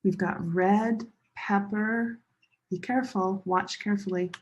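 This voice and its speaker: A woman teaching English pronunciation in a classroom lesson, slowly modeling each word and stressing syllables with care. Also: medium pitch, steady tone, muffled recording. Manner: slow, deliberate modeling of words with clear stress.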